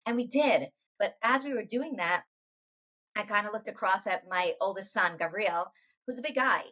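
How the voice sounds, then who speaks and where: A woman in her forties, a podcast guest, telling a personal story in a halting way, full of restarts and quoted dialogue. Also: mid-range voice, sharp tone, rough recording. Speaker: interview guest.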